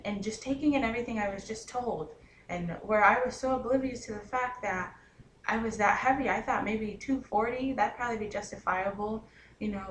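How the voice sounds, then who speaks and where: A woman in her twenties giving an earnest personal testimony, pausing often with ums and restarting her sentences. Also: medium pitch, fairly bright tone. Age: 20s. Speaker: testimonial speaker. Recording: roomy with faint background hiss.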